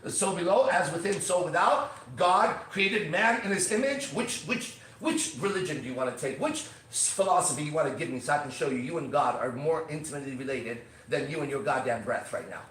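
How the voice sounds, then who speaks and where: A man hosting a podcast, ranting with intensity and swearing, swinging between shouts and low murmurs. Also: expressive, fairly quick, few pauses, distant mic. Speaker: podcast host. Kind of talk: fiery motivational podcast rant. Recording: echoey room, voice from off mic.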